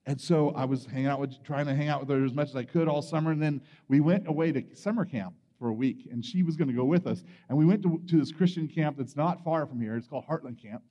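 A man with a fairly high voice preaches to a young crowd, telling his story with lively acted-out bits and sudden shouts. His voice rings through a big, echoing hall, and the sound is a little dull. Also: fast talker, hardly any pauses. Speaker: camp speaker. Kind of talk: youth sermon with personal story.

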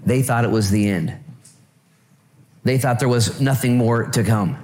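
A male pastor preaching a lively sermon at a church service, joking and repeating phrases for emphasis. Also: mid-range voice, a little slow.

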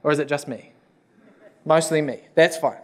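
A youth pastor preaches in a high, light voice. His delivery is casual and conversational, with joking, self-deprecating asides to the listeners. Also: steady tone, normal speed. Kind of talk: sermon.

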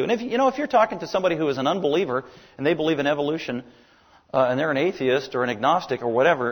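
A man's voice: medium pitch, slightly rough, long reverb tail. A man preaching a sermon with emphatic delivery, his voice climbing on key words.

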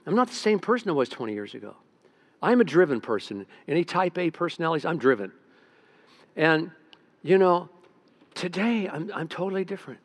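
An older man, a pastor, preaching a sermon in a folksy storytelling way, dropping soft and then rising emphatic. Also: fairly high pitch, big pitch swings, fairly quick, long pauses.

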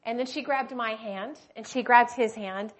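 Middle-aged woman Bible study teacher with a slightly high voice, heartfelt, story-driven, restarts often. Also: moderate pace. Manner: emotional, personal storytelling with many restarts. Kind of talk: women's Bible study talk.

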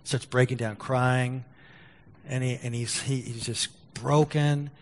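Pastor preaching in a reverberant church hall. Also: male voice, mid-range voice, slow. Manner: storytelling, lively quoted voices, stammered restarts. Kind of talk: sermon with story and prayer. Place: church sanctuary.

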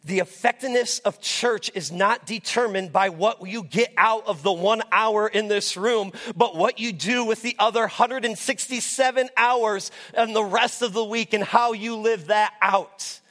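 Passionate high-voiced preacher in a big hall. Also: male voice, a little slow, a bit bright. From United States. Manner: passionate, exhorting, with self-interrupting asides. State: sweaty and out of breath. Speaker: pastor. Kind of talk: sermon. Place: church sanctuary. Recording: long reverb of a large hall.

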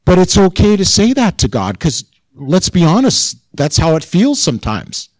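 A man's voice: high voice, huge pitch swings, moderate pace, darkish tone, dry recording, low-quality recording. A man pastor giving a sermon in an informal, chatty way, growing more intense as he presses a point. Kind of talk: conversational sermon.

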